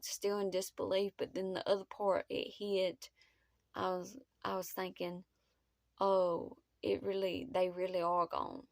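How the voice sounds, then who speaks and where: Gravelly-voiced woman telling a story. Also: medium pitch, no room sound. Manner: halting, emotional, with many pauses. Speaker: vlogger. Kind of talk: personal storytelling.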